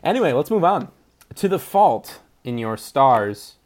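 A man's voice: medium pitch, very animated, a little slow, darkish tone. A young man hosting a podcast, chatting casually, rambling through jokes and laughing often. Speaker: podcast host. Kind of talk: casual chat.

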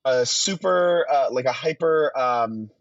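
A man's voice: mid-range voice, lively intonation, slow pace, dry recording. A man guesting on a podcast, rambling through his thoughts on a film with restarts and casual swearing. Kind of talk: casual movie review chat. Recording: dull dry lo-fi sound.

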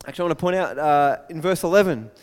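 A man preaching a sermon, telling the story with lively acted-out voices. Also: a little high, rapid-fire. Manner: animated storytelling, acts out crowd voices. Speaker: pastor. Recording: long hall reverb.

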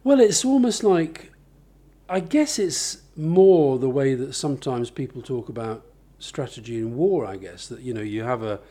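A man's voice: mid-range voice, lively intonation, normal speed, warm tone. A man, interviewed about his book, explaining his ideas thoughtfully with examples and frequent restarts. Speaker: author and interviewee. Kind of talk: conversational interview.

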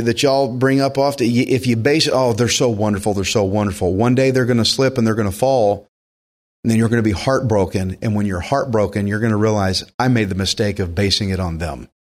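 Earnest man preaching a verse-by-verse sermon. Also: mid-range voice. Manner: earnest, emphatic, with frequent restarts. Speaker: pastor.

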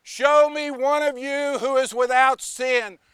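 A stern, rule-bound guardian at heaven's gates, as a preacher puts him on, speaking in slow, measured phrases. The voice is clear and crisp on a dry recording. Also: male voice, very high-pitched, fairly even intonation, a bit bright, no echo, full character voice. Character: stern powerful male guardian Justice at the gates.

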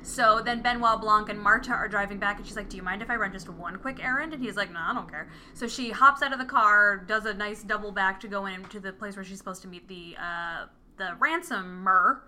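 A woman's voice: medium pitch, brisk, hardly any pauses, a little hiss or hum. A woman in casual chat, retelling a film's plot and acting out the characters' lines. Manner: animated, acts out characters' lines while retelling. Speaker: podcast co-host. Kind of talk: casual film recap chat. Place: home with a cat nearby.

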